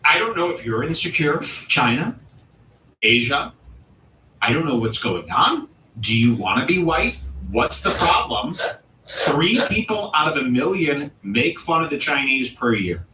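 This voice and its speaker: Bright-voiced man ranting in an echoey room. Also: a little high, very animated, a little hiss or hum. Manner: provocative, mock-serious ranting with dramatic pauses. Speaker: comedy show host. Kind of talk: comedic rant. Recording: roomy echo, distant mic.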